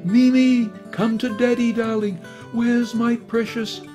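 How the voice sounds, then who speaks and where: A man's voice: very high voice, little pitch movement, takes it slowly, mellow, soft background music, pitched above the performer's own voice. A man putting on a fussy, cooing portly gent. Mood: cooing doting. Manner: doting baby-talk cooing.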